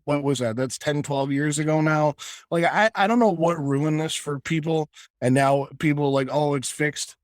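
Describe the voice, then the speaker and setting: A man's voice: on the high side, moderate pace, no echo. Fired-up man ranting on a sports podcast. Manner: impassioned, ranting, many restarts. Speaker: podcast co-host. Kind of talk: casual sports podcast chat.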